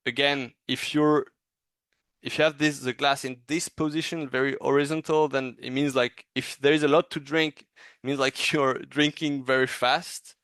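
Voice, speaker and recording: Male reviewer giving feedback, smooth clear voice, dry close sound, halting and encouraging. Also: medium pitch, a bit bright, dry recording. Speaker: animation reviewer. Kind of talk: casual teaching critique.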